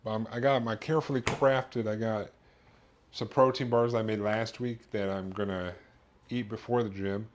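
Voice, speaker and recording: A man's voice: on the low side, fairly even intonation, moderate pace, slight background noise. A man streaming himself cooking at home, chatting in a rambling way that keeps breaking off and restarting. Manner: rambling, self-interrupting storyteller. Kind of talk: casual chat while cooking. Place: home kitchen. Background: kitchen dishes and cutlery clatter.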